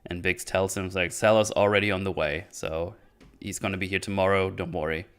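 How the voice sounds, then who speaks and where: A man hosting his own show, casually retelling scenes with filler words and quick quoted lines. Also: low-pitched, steady tone, fairly bright tone, clean tone. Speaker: podcast host recapping a series. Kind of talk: casual chat.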